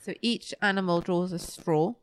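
A woman's voice: fairly low pitch, normal speed, a little hiss or hum. A young woman co-hosting a casual podcast, chatting and retelling scenes with little quoted voices. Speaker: podcast co-host. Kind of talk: casual chat reviewing a kids' show.

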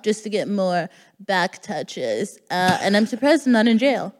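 A woman's voice: mid-range voice, normal speed. A woman co-hosting a live comedy podcast on stage, cracking sassy jokes. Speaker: guest co-host. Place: live stage in a concert hall. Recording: reverb of a live concert hall.

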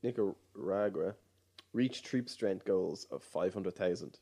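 Male co-host, lowish voice, laid-back talker who trails off. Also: slow, creaky, slightly rough. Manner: relaxed, trailing off with fillers. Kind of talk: casual chat.

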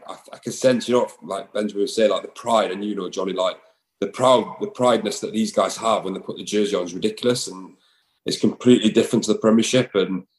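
A man's voice: lowish voice, low-quality recording. A man, a rugby player chatting casually in an interview, rambling with lots of fillers and restarts. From England.

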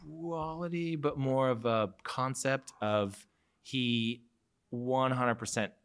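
Male co-host from Seattle, mid-range voice, relaxed storyteller, laughs easily. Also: medium pitch, takes it slowly, clear, resonant tone. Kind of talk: live podcast conversation.

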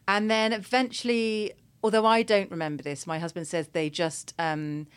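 A woman's voice: medium pitch, moderate pace, clean tone. A woman in her thirties telling a story in casual chat, laughing often and acting out what people said. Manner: animated storyteller, laughs often, acts out quotes. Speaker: podcast guest telling her birth story.

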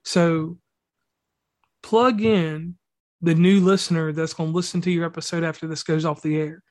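Male podcast host, fairly high pitch, rambling slangy praise. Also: fairly even intonation, moderate pace, a little mellow. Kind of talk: casual interview talk.

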